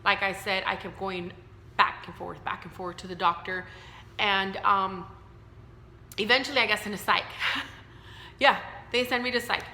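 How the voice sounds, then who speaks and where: Woman in her 30s spilling her story to camera, candid n emotional, bright voice, echoey room. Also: medium pitch, steady tone, normal speed, pauses often, a little hiss or hum. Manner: candid, emotional, rambling with fillers. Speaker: vlogger.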